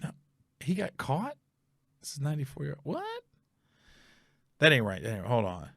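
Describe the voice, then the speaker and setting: A man's voice: mid-range voice, wildly swooping pitch, moderate pace, vocal fry, a bit bright, no echo, clean studio sound. A male podcast host telling a casual, rambling story, often stopping to correct himself and check facts aloud.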